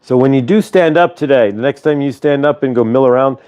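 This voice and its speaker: Man, livestream host, mellow dark tone, casual rambling, filler words, guided breathing, lapel mic. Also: mid-range voice, brisk, clean tone. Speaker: host of a spiritual morning show. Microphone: clip-on lapel mic.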